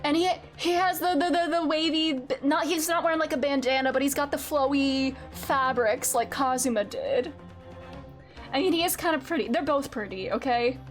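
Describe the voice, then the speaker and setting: A young woman streaming a game, chatting casually in an excitable way, with swearing and frequent laughter. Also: high voice, moderate pace, faint music behind.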